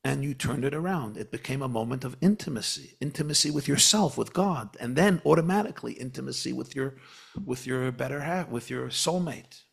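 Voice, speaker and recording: A gravelly man's voice explains spiritual ideas in an animated conversational way. He leans on repetition for emphasis and keeps a mid-range pitch. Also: a little fast. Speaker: spiritual teacher guest. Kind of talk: podcast conversation.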